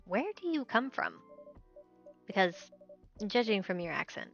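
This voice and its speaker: A woman's voice: medium pitch, big pitch swings, measured pace, vocal fry, fairly bright tone, highs cut off, faint music behind, heavily acted. A woman voicing a chatty, curious young woman who teases and asks lots of questions. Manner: teasing, inquisitive.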